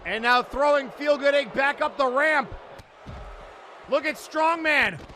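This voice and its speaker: A man calling a wrestling match play by play, often breaking into excited shouts. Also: extremely high pitch, a little slow. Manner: excitable, shouting during big moments. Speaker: wrestling commentator. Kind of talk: play-by-play commentary. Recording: crowd and loud background noise.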